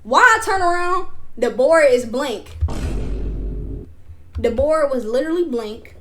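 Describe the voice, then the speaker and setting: A young woman streamer telling a school story to her chat, animated, loose and full of slang. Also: high-pitched, takes it slowly, soft background music. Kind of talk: casual storytime chat with viewers.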